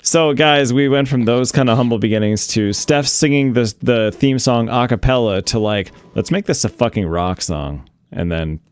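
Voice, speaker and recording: A man's voice: medium pitch, normal speed, hardly any pauses, smooth. A man who produces a podcast, chatting wryly about the show's history with the hosts. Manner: chatty, wry storyteller. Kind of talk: casual podcast chat.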